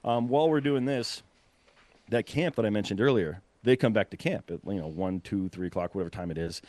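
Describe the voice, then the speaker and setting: A man's voice: on the low side, a little fast, dry recording. Guy telling a wild story, all worked up and laughing, dry sound. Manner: animated, breathless storytelling with fillers and laughs. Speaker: podcast guest telling a hunting story. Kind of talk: casual storytelling.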